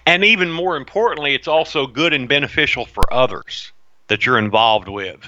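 A man's voice: medium pitch, moderate pace, pushed and bright, slight background noise. Profane, rambling man on a lo-fi mic. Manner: profane, rambling, self-mocking. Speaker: podcast co-host. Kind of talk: casual chat. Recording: dull, lo-fi sound.

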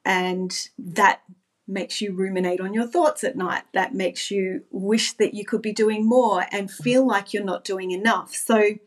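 A woman's voice: medium pitch, steady tone, unhurried. Middle aged woman guest, earnest and thoughtful, talks it through with lots of restarts. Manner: earnest, reflective, with frequent restarts. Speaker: podcast guest, former nurse. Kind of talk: reflective interview talk.

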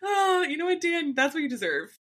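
A young woman in a casual recap podcast, playful and gushing. Her voice is bright and a bit high, and she keeps acting out quotes in quick bursts. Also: big pitch swings. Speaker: podcast co-host.

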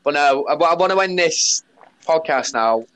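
A man's voice: on the high side, moderate pace, clean tone. Give me a blunt, sweary man telling a story. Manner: blunt, sweary, animated retelling with laughs. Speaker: podcast host; bar worker. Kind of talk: casual storytelling chat.

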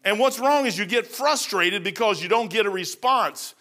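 A man's voice: sits high, lively intonation, normal speed, sharp tone. A middle-aged man from Kentucky giving a folksy, conversational sermon, often saying "man". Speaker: preacher. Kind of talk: informal sermon.

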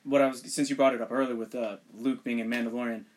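Quick, hesitant male guest. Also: medium pitch, steady tone, a little hiss or hum. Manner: hesitant, restarts often. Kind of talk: casual chat.

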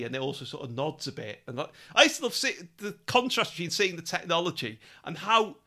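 A man co-hosting a casual chat about old comedy records, animated and laughing often. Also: a little high. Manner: animated, laughs often, quick asides and impressions. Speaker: podcast co-host.

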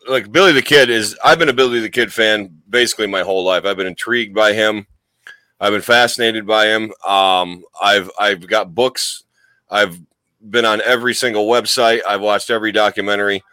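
A man's voice: on the low side, fairly even intonation, normal speed, bright, forceful tone, dry recording, poor audio. A man co-hosting a casual comedy podcast, swearing freely and making colorful folksy comparisons. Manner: folksy swearing with colorful comparisons, mock cowboy drawl at times. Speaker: podcast co-host.

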